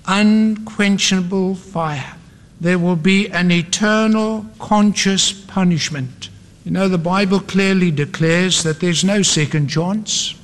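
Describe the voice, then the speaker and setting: A man's voice: high-pitched, takes it slowly, big-room sound. A man preaching an evangelistic sermon, emphatic and building his points through repeated refrains.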